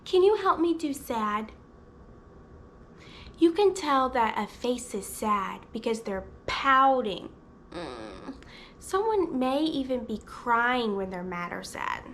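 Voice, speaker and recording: A woman's voice: fairly high pitch, big pitch swings, slow pace, a bit bright, a little hiss or hum. A woman who hosts videos as a speech therapist, teaching toddlers in an exaggerated sing-song voice with lots of gasps.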